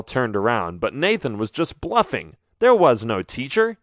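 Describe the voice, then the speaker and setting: A man reads a children's story aloud, animated and expressive. His pitch rises and falls freely through each sentence. The studio sound is dry and close. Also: unhurried, hardly any pauses, no echo. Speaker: audiobook narrator. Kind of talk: scripted narration of a children's story.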